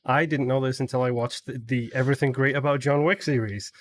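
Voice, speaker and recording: A man's voice: mid-range voice, fairly even intonation, fast. Eager man co-hosting a film podcast. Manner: eager explainer, acts out quoted lines. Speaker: podcast co-host. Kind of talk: casual film discussion.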